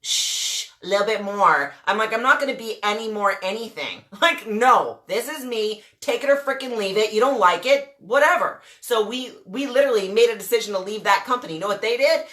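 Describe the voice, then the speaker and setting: A woman's voice: on the high side, animated, brisk, few pauses, a bit bright. A woman in her forties, a network marketing coach, giving a blunt, mouthy motivational rant and asking "guess what?" again and again.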